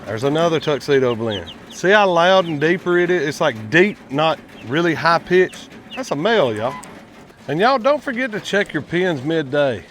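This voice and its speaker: A man's voice: fairly high pitch, sing-song, moderate pace, fairly bright tone, slight background noise. A man, chatting casually to viewers in a vlog while working outdoors at his quail pens, folksy and talkative. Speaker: quail farmer and channel host.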